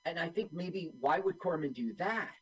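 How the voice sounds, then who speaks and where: A man chatting casually on a radio show while watching a movie, joking and tossing in quick silly voices. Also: on the high side, breathy edge, dull audio. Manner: animated, jokey, does quick silly voices. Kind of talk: casual movie commentary chat.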